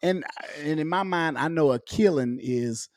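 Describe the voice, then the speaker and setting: A man's voice: on the high side, moderate pace, a little mellow, no room sound, clean studio sound. A man who is a comedian and former officer, talking in a laid-back, joking way as a podcast guest. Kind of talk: casual podcast chat.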